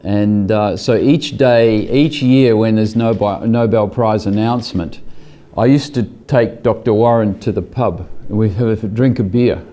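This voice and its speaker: An older man telling a casual personal anecdote, halting often on fillers and chuckling as he goes. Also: lowish voice, dark tone. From Australia. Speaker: scientist telling a personal story.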